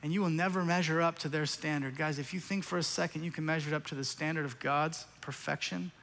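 A man's voice: fairly high pitch, steady tone, fast talker, fairly bright tone, in a large hall. A man preaching a sermon as pastor, earnest and pleading, often repeating phrases.

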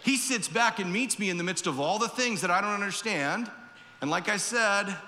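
Male pastor, conversational sermon, quick character voices for quotes, forceful tone, reverberant church. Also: high voice, a little hiss or hum.

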